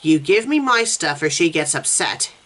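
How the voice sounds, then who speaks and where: A woman's voice: sits low, normal speed. A woman reading the lines of a menacing, swaggering male gang leader in her own plain voice. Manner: cocky, profane threats read flatly.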